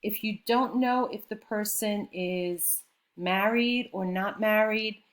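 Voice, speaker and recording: A woman with a mid-range voice leads a classroom lesson in beginner French at a slow pace. Her explanations are patient, and she keeps checking how her students are doing.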